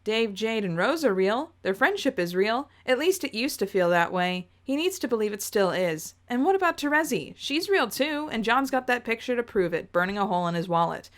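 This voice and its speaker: Expressive high-voiced woman reading aloud. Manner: expressive, chatty, quick to react. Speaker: reader reacting to fan fiction. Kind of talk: reading aloud with casual reactions.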